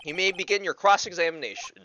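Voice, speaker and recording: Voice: medium pitch, fast talker, pushed and bright, slight background noise, voice pushed up, close to an everyday voice, poor audio. An amateur fan dubber voicing a stern, formal old male judge in a video game dub.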